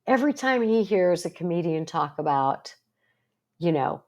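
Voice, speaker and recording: A woman's voice: lowish voice, big pitch swings, moderate pace, a little mellow, dull audio. An older woman talking to camera as a psychologist, earnest and storytelling, with plenty of rhetorical questions. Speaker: psychologist and support group host. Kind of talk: casual talk to camera.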